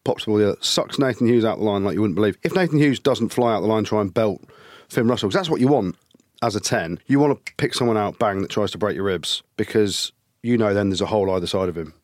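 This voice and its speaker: A man co-hosting a sports podcast, breaking down match action in animated detail and laughing easily. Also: on the low side, fast, no echo, studio quality. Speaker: podcast co-host. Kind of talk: casual sports chat and match analysis.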